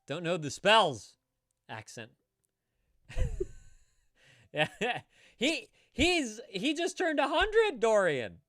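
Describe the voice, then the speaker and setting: Animated male host, chatty and profane, dry close mic. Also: high voice, drawn-out words, long pauses, no echo. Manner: animated, swearing freely, jokey. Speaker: stream host. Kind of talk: casual live-stream chat.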